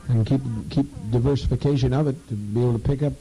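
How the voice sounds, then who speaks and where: A man leading a program and addressing a group informally, halting and repeating words for emphasis. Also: mid-range voice, mellow, breathy edge, poor audio.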